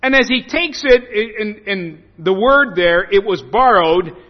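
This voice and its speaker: A man preaching a sermon to his congregation, lively and animated, acting out the scripture story in voices. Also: sits high, measured pace. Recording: muffled echoey hall.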